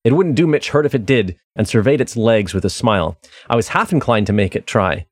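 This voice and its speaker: A man's voice: fairly low pitch, lively intonation, a little fast, husky, no room sound. A man discussing a novel casually and frankly, then reading passages from it aloud. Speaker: discussion participant.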